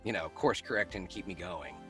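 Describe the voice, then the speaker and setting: A man guest talks quickly in a bright, forceful voice and tells animated stories with frequent laughs. His voice sits slightly low. Faint music plays behind him. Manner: animated storyteller who laughs often. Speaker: voice actor guest. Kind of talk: casual interview chat.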